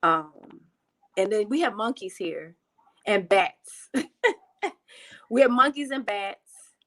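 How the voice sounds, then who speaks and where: A woman's voice: medium pitch, expressive, slow, a bit bright, low-quality recording. A woman from the United States speaking as an interview guest, chatty, with frequent fillers and restarts. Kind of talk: casual interview talk.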